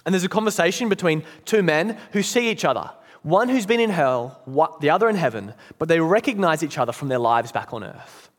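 Male preacher, earnest sermon, fairly high voice, long reverb of a church. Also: lively intonation, fairly quick, few pauses. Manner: earnest, emphatic, drops low and soft at key points.

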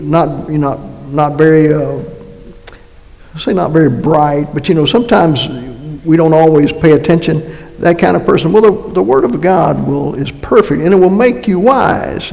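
A man's voice: fairly high pitch, moderate pace, gravelly, darkish tone. A man preaching a conversational sermon with a Massachusetts accent, folksy and joking, with frequent restarts. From North Carolina. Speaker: pastor. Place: church sanctuary. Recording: long reverb of a church hall.

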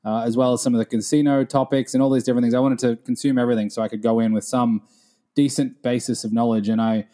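A man in his thirties answering interview questions as a guest, speaking in a measured, articulate way. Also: mid-range voice, flat delivery, dark tone. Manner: measured, articulate with some fillers. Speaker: guest, gaming attorney. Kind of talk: casual interview.

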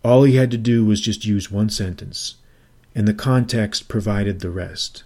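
A middle-aged man telling a personal story as a podcast host, deliberate and often repeating and restating his phrases. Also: lowish voice, fairly even intonation, darkish tone. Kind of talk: reflective personal storytelling monologue.

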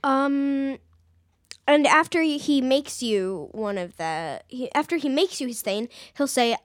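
A woman's voice: high-pitched, expressive, measured pace, no room sound, studio quality. A young woman co-hosting a podcast in casual chat, bubbly and rambling with giggles. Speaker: podcast co-host.

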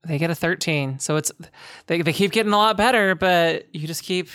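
A woman's voice: lowish voice, normal speed, fairly bright tone, no echo, studio quality. A woman game master narrating a tabletop game in a rambling way, with lots of restarts and laughs.

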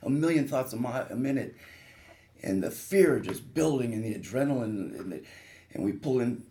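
This man, a surgeon and radio talk show guest, shares the personal story of a serious injury in a warm, mid-range voice with lively intonation at a moderate pace. His retelling is earnest and vivid, growing more intense as the key moments arrive.

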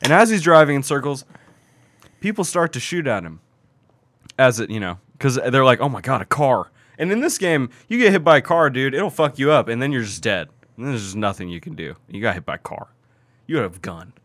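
A man in casual podcast chat, retelling a video game match in a lively, profane way with lots of fillers. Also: medium pitch, a little fast, dry recording.

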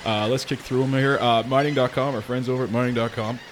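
A man's voice: medium pitch, steady tone, quick pace, a little hiss or hum. A man co-hosting a podcast, chatting casually in a rambling way full of fillers and frequent chuckles. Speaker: podcast co-host. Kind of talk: casual chat.

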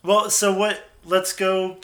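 A man co-hosting a film podcast, talking in a relaxed, agreeable way that often trails off. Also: high voice, slow pace, crowd noise. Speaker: podcast co-host, film reviewer. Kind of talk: casual chat.

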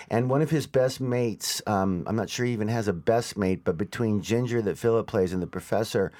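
A stage actor talking excitedly in a studio interview, tripping over and repeating his words. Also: lowish voice, fairly quick, hardly any pauses. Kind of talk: animated interview chat.

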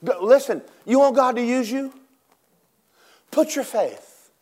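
A man preaching a sermon in a church, dramatic, swinging from shouts down to hushed whispers. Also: extremely high pitch, animated, a little slow. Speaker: pastor.

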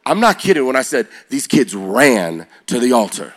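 Fiery preaching man, hushed to shouting. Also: high voice, lively intonation, moderate pace, hardly any pauses, a faint crowd. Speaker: youth pastor. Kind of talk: energetic sermon storytelling.

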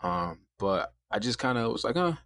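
A young man in his twenties calmly telling a personal story in casual conversation, quoting others as he goes. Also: medium pitch, normal speed, dry recording.

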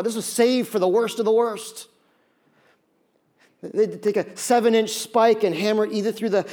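Dramatic male preacher, high voice. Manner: dramatic, acts out quoted voices, drops to hushed tones. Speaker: pastor. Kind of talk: sermon.

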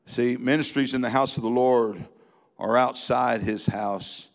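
A man's voice: medium pitch, fairly even intonation, measured pace. Preaching man in a reverberant hall. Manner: rising into fervent emphatic preaching. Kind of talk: sermon. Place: church sanctuary.

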